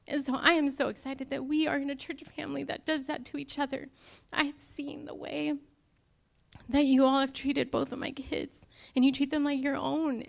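A woman's voice: a little high, vocal fry. Earnest woman preaching to a congregation. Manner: earnest and emotional, speaking to a congregation. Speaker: speaker at a church service. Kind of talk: sermon.

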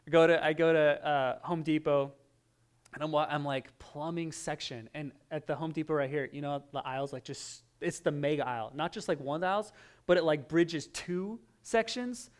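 A man preaching a sermon, telling a personal story with lively, animated delivery and acted-out quotes. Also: fairly high pitch, normal speed, clean tone. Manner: animated storytelling, acting out his own voice in quotes. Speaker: pastor.

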